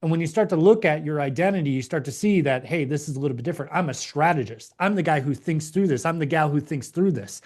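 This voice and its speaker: A man's voice: on the high side, fast, hardly any pauses, darkish tone. A man teaching a live online class, emphatic and preachy, acting out the inner voices of doubt. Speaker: course instructor.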